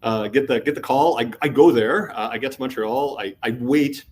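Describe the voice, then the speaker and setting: A man's voice: medium pitch, normal speed. A middle-aged man, giving a conference talk as a casual storyteller who acts out the quotes and swears freely. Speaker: conference speaker. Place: conference hall.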